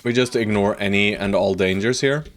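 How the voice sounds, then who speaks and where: A man's voice: lowish voice, moderate pace. A man streaming a strategy game live, chatting playfully to viewers and bossing his units around with casual swearing. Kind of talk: live gameplay commentary.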